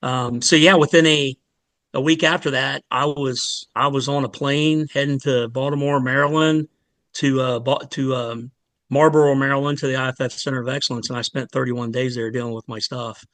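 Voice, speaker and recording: Earnest halting man, dry sound. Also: medium pitch, steady tone, a bit bright, dry recording. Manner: earnest, halting, retelling his story. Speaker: fire department lieutenant, guest. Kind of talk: candid podcast interview.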